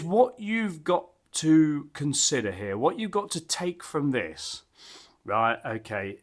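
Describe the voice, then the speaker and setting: A man, chatting enthusiastically and rambling as he reviews beer at his home bar. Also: fairly high pitch. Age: 50s. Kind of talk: casual vlog chat.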